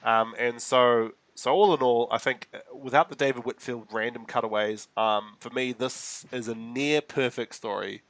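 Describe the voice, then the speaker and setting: A man co-hosting a podcast, recapping an episode in animated casual chat full of fillers. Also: medium pitch, normal speed, hardly any pauses, slight background noise. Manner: animated storytelling with many fillers. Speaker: podcast co-host.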